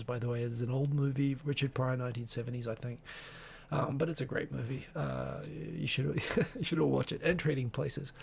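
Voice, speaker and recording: A man's voice: medium pitch, creaky, slight background noise. A man hosting a live stream, chatting casually in a rambling, digressive way with many restarts. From Tokyo-based.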